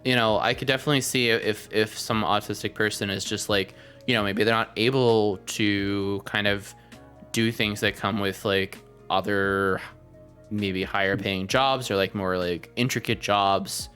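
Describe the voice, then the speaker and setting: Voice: low-pitched, steady tone, normal speed, a bit bright, faint music behind. A podcast host chatting casually on a livestream, rambling with lots of fillers and the odd swear word.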